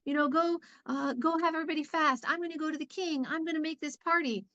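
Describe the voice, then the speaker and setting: A woman acting out a young queen who has turned decisive and gives brisk orders. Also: high voice, fairly even intonation, bright, forceful tone, highs cut off, pitched above the performer's own voice. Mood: resolute.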